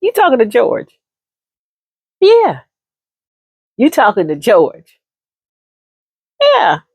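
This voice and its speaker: A shrill, nosy gossip, put on by a woman fires off disbelieving questions. Her voice sits up high and swings wildly in pitch, with a slightly husky grain in a dry room. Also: huge pitch swings, extremely slow, no room sound, exaggerated voice. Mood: incredulous. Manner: incredulous, prying questions.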